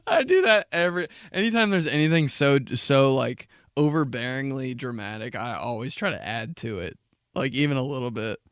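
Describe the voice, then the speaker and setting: A young man rants alone into a close podcast mic, loose and profane, often laughing at his own stories. His voice sits at a middle pitch, and the sound is very dry with no room around it. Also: lively intonation, normal speed, fairly bright tone, smooth, no echo. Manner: rambling, profane, laughs at himself, acts out dramatic reactions. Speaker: podcast host. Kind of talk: solo comedic podcast rant.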